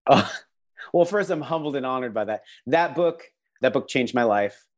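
A man with a medium-pitched, animated, brisk voice speaks as a guest in a casual conversational interview. He's a visual artist and a person of faith, earnest and reflective, often searching for words and leaning on lots of "likes."

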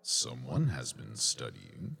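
A deep, gravelly fae king, smug and amused, who mocks everyone around him. His voice is husky and swings widely in pitch. It rings out in a long, hall-like echo. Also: huge pitch swings, takes it slowly, a bit bright, heavily acted. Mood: scheming. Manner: mocking, relishes others' anger, laughs often. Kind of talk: audio drama acting.

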